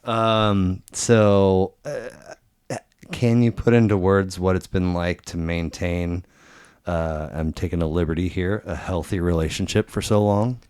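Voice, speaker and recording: Podcast host, male, very low voice, laid-back and rambling, swears offhand. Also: measured pace, smooth. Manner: relaxed, rambling, swears casually. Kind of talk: casual conversation.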